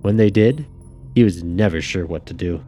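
A man narrating an audiobook in a measured, steady reading, with faint music behind. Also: deep voice.

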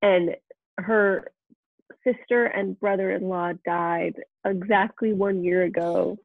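A woman picks apart a movie's plot in loose, skeptical chat. Her voice is gravelly and raspy, and it comes through a dry, tinny, phone-like line. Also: mid-range voice, fairly even intonation, slow pace, no room sound. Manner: casual, full of "like", skeptical remarks. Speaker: podcast co-host. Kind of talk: casual movie recap chat.

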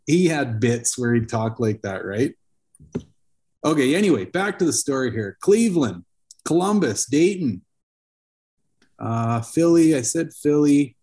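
A man's voice: medium pitch, lively intonation, measured pace, long pauses, dark tone. A man, co-hosting a casual podcast and telling rambling, profane stories. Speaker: podcast co-host.

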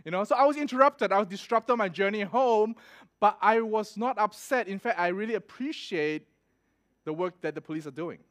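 A young adult man preaching a sermon, telling a personal story in a casual, animated way and laughing as he goes. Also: sits high, brisk. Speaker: pastor.

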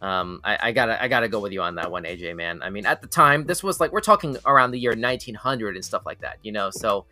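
Bright-voiced rambling male host. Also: on the low side, lively intonation, quick pace, hardly any pauses, no room sound, soft background music. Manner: rambling, many fillers and restarts. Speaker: show host. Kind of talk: casual live news chat.

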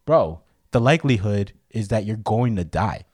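A young man with a fairly low voice trades casual, slang-heavy podcast banter, cursing freely. His voice sits close and dry on the mic, with no room sound. The delivery is loose and conversational. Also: animated, moderate pace, darkish tone, breathy edge, dry recording. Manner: laid-back, profane slang-heavy banter. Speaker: podcast co-host.

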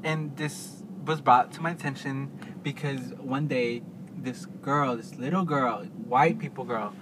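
A man co-hosting a casual chat podcast, telling stories with sass and drama. His damaged mic adds a clear layer of hiss under his voice. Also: medium pitch, a little slow. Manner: sassy, dramatic storyteller. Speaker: podcast co-host. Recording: noisy corrupted mic.

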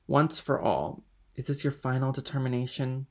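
A man's voice: mid-range voice, moderate pace, a little mellow, natural voice. A man reading aloud and voicing a jealous, menacing young man who presses hard questions.

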